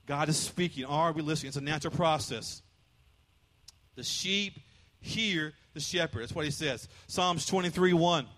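A man with a high voice preaching a sermon to his congregation. He swings between loud emphatic declarations and quieter explanation, pulling listeners in with call-and-response. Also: normal speed. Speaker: pastor.

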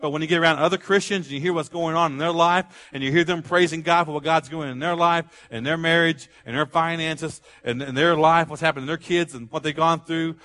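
A man preaching a sermon, animated, building rhythm with repeated phrases and acting out quoted voices. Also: fairly high pitch, a little fast, hardly any pauses. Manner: animated preaching, acts out quotes with rising volume. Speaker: pastor.

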